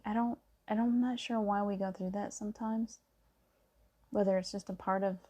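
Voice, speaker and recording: A middle-aged woman in a casual spiritual monologue, talking softly and reassuringly as she tells a personal story. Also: mid-range voice. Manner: soft-spoken, reassuring, storytelling with gentle emphasis. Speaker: spiritual vlogger.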